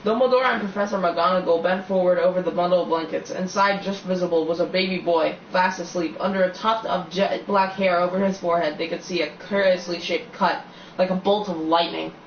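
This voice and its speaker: A man's voice: high-pitched, fairly even intonation, a little fast, echoey room, distant mic, dull audio, a little hiss or hum. A man reading a novel aloud, stumbling and restarting lines often. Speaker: reader.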